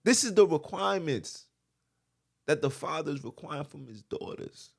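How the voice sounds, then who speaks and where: A man's voice: a little high, expressive, moderate pace, vocal fry. A man hosting a podcast, delivering a preachy monologue that quotes scripture, emphatic and repetitive, often asking "right?". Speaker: podcast host.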